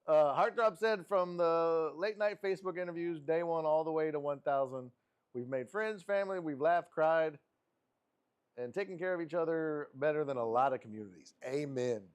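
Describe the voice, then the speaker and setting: A man hosting a sports live stream, reading viewer messages aloud in an animated, affectionate way. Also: moderate pace, clear, resonant tone. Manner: animated and affectionate, with frequent laughs and pitch jumps.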